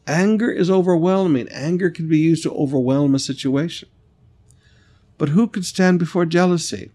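A pastor delivering a sermon in a somewhat high male voice, hammering points home through repetition. He drags out scripture word by word, then drops into easy, conversational storytelling. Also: a little mellow, slightly rough. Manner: emphatic preaching, repeating lines and slowing on scripture.

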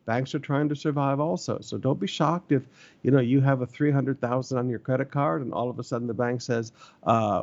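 A man's voice: mid-range voice, brisk, vocal fry, a little mellow, dull audio. A middle-aged man, preaching a sermon as pastor in an earnest, exhorting way, repeating key phrases.

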